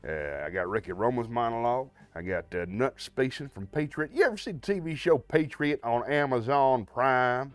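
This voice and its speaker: A man's voice: mid-range voice, lively intonation, normal speed, hardly any pauses, dry recording. A man hosting a livestream, chatting to viewers in a friendly, rambling way with many fillers. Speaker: livestream host. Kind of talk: casual chat to viewers.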